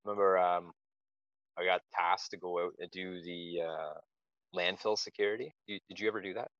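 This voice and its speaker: A man's voice: low voice, steady tone, moderate pace, fairly bright tone, no room sound. A man telling a war story in casual podcast chat, blunt and plain-spoken. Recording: dry, slightly dull lo-fi audio.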